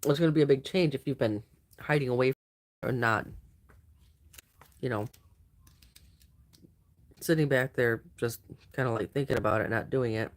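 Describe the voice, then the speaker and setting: A drowsy woman talks through a weekly tarot spread in a loose, wandering way. She drifts between thoughts and leans on fillers. Her delivery is informal and unhurried. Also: very deep voice. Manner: rambling, loose, many fillers and trailing thoughts. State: sleepy, yawning. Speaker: tarot card reader. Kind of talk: casual weekly tarot reading.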